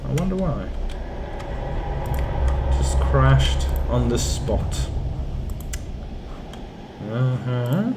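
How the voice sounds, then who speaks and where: A man's voice: medium pitch, animated, very slow, pauses often, heavy background noise. A man streaming a video game, chatting casually in rambling asides. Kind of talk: casual gaming commentary. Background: game music.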